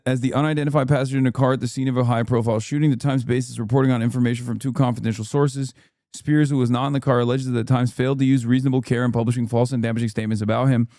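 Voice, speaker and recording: A man in his thirties streaming live, reading news aloud fast and cutting in with exasperated, profane asides. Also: medium pitch, mellow, no echo, studio quality.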